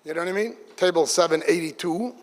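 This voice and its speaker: Middle-aged man, high-pitched, animated storyteller at a community gathering, reverberant hall. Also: fast talker. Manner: lively storytelling, shifts into excited exclamations. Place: large event hall. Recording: long reverb of a big hall.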